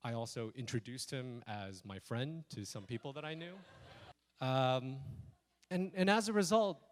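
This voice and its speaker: A man tells a personal story to a live audience, with a voice of middling pitch. He is animated, and he acts out the lines he quotes in shifting voices. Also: a little slow, a little hiss or hum. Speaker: speaker telling a personal story. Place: stage at a speaker event.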